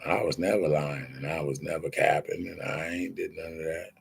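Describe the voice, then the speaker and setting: With a bass voice, steady tone and vocal fry, a man hosts a casual livestream at a moderate pace, with slight background noise audible. He rants in streetwise slang, insistent and defensive, acting out the conversations he retells.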